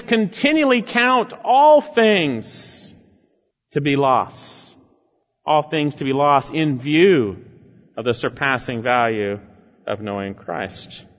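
A man preaches in a large church, his fairly high voice carrying a long reverb off the walls. The sound is a little muffled. He stresses key phrases with rising force, then drops low and slow to close each point. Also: a bit bright. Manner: emphatic, swells in pitch and volume on key phrases, drops low and slow at line ends. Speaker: pastor. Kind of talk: expository sermon.

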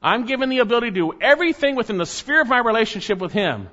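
A man preaching an expository sermon as pastor, repeating key phrases and swinging from loud emphatic peaks to hushed low endings. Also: sing-song, racing, hardly any pauses. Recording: dull sound with long hall reverb.

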